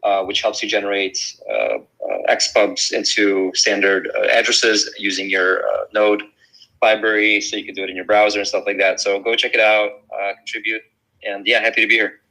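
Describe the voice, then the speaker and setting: A man's voice: lowish voice, normal speed, low-quality recording. A man on an audio chat app stream, casually talking about contributing code, with frequent fillers. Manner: relaxed, filler-heavy. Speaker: guest speaker.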